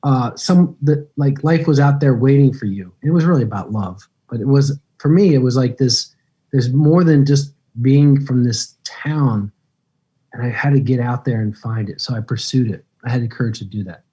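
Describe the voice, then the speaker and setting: Husky man in his fifties telling stories. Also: medium pitch, moderate pace, dull audio. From United States. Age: 50s. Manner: relaxed, rambling, acts out quoted dialogue. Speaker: guest actor. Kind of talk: casual interview storytelling.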